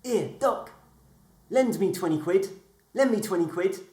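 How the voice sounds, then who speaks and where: A man squeaking as a begging talking leg. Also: expressive, measured pace, darkish tone. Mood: wheedling. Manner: high, wheedling, repetitive. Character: pleading talking body parts begging cash. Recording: roomy echo.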